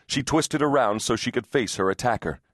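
A man narrating an unabridged thriller audiobook in a steady, tense storytelling voice. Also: medium pitch, a little fast, no room sound, clean studio sound.

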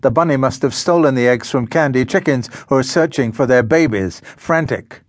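A male audiobook narrator voicing an elderly woman poet who snarls and speaks with sharp, cutting scorn. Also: medium pitch, normal speed, no room sound, studio quality, natural voice. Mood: snarling. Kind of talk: audiobook character voice.

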